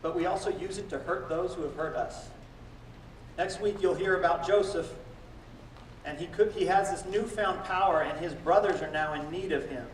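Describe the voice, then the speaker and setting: A man with a very high voice preaching a sermon, animated and acting out quoted prayers and boasts. He is heard from a little distance off the mic. The church room around him is echoey. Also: moderate pace, slight background noise. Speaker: pastor.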